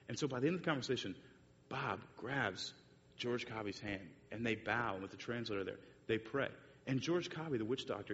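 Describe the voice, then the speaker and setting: A man giving a sermon with slides, telling a long story with many fillers and restarts. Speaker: speaker giving a church talk with slides. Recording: muffled echoey hall recording with faint rumble.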